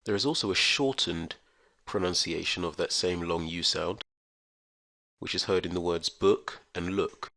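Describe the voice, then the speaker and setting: A man teaching English pronunciation in a careful, scripted lesson, spelling out letters and sounds with slow, deliberate enunciation. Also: low-pitched, pushed and bright, no room sound.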